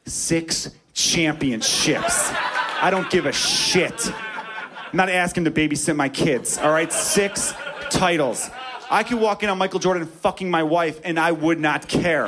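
A man from Chicago performing a stand-up comedy set, profane and excitable, building into shouted rants. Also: fairly high pitch, measured pace. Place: comedy club stage. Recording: live club recording with loud crowd and noise.

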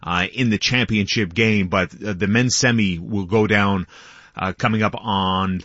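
A lower-pitched man with a bright, forceful voice runs through a sports update in an easy, joking way. The dry, close sound comes through slightly dull and lo-fi, like broadcast audio. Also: unhurried, no echo. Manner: chatty, joking, animated. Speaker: sports reporter. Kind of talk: casual radio sports update.

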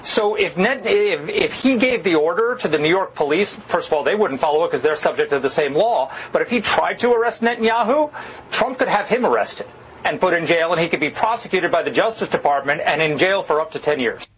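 A man's voice: a little high, lively intonation, fairly quick, a bit bright, slightly rough, low-quality recording. A man explaining legal points in a precise, lawyerly manner.

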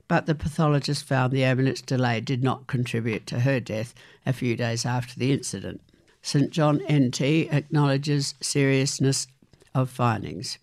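A man reading a news article aloud in a measured, even way, with occasional slips and restarts. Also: medium pitch, no room sound, studio quality. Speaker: news reader.

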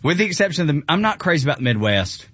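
A man's voice: a little high, very animated, racing, a bit bright, no echo, lo-fi sound. A man with a Southern US accent, hosting a casual chat, enthusiastic and often laughing. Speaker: show host.

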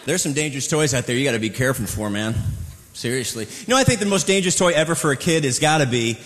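Animated stand-up comedian in a roomy club. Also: male voice, medium pitch, quick pace. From American Midwest. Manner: animated, jumps into silly put-on voices. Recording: roomy live club recording.

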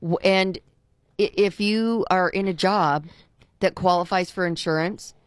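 A woman's voice: on the low side, steady tone, unhurried, dry recording. A woman co-hosting a talk radio show, chatting casually and voicing exasperated, outspoken opinions. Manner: opinionated, exasperated, repeats herself. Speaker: radio co-host.

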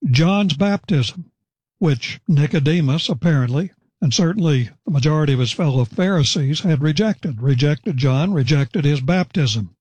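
A man preaching verse by verse, explaining scripture in a measured, deliberate way with pauses. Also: a little high, a little mellow, slightly rough, dry recording. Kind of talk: verse-by-verse Bible teaching.

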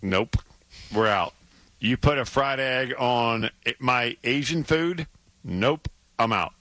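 A man co-hosting a sports radio show in casual chat, animated and emphatic, often repeating words when he gets worked up. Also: mid-range voice, slow pace, dry recording. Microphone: studio microphone.

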